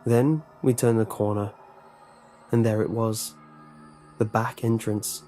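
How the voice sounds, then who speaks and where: A man narrating a horror story in a steady, measured way. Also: on the low side, soft background music.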